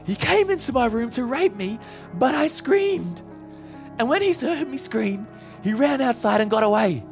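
A man's voice: very high voice, big pitch swings, moderate pace, creaky, soft background music, pitched above the performer's own voice, exaggerated voice. A man voicing a scheming noblewoman who theatrically wails and accuses. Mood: accusing, wailing. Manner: wailing, theatrical.

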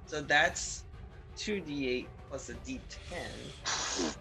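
Lively, bright-voiced woman player. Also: rumbling low, drawn-out words, soft background music. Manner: excitable, chattering rules talk. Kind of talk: casual tabletop play.

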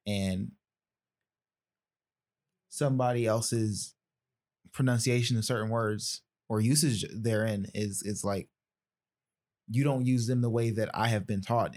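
A male podcast guest speaking in a measured, deliberate way and choosing his words carefully in casual conversation. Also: lowish voice, a little mellow.

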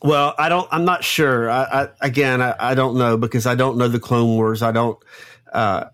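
A man in his fifties from Florida with a Southern accent, chatting on a podcast in a halting, rambling way full of restarts. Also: medium pitch, steady tone, fairly bright tone, dry recording. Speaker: podcast co-host. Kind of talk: casual chat.

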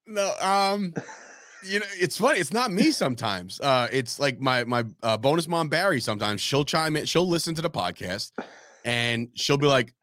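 A man with a New Jersey accent hosting a casual sports podcast, animated and swearing freely, laughing often. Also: a little high, normal speed, no room sound, studio quality. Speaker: podcast host.

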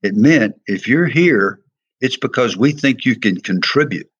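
A man's voice: medium pitch, lively intonation, unhurried, fairly bright tone, slightly rough, lo-fi sound. An older man with a Southern accent, a former football player and coach telling earnest, emphatic stories in an interview. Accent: American Southern. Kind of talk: storytelling interview.

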